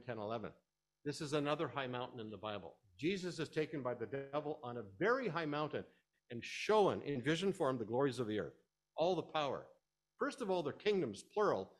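In a medium-pitched voice, a preacher walks listeners through scripture like a teacher. At times he grows animated, hitting points with strong emphasis.

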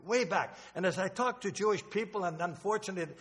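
A man's voice: sits high, quick pace, fairly bright tone. Older man preaching in an echoey church. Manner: emotional, rambling with restarts. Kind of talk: sermon. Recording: long hall reverb.

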